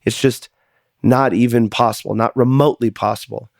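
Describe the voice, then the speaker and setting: A man in the middle of the pitch range tells his own story on a podcast. He speaks in an earnest, confessional way and sometimes doubles back on his words. The recording is dry and close. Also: steady tone, normal speed, gravelly, dry recording. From United States. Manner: earnest, confessional, repeats words when emotional. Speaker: podcast host. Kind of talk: personal storytelling monologue.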